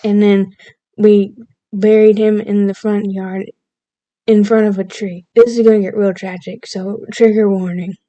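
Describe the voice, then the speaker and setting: A woman's voice: medium pitch, little pitch movement, a little slow, mellow, dry recording, muffled recording. A woman vlogger casually telling a personal story, chatty and playfully overdramatic, laughing at herself now and then.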